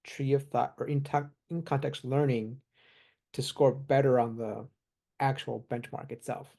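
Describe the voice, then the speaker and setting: A man in casual chat, relaxed, explaining technical points with examples and small laughs. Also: medium pitch, a little slow, creaky. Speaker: AI expert guest.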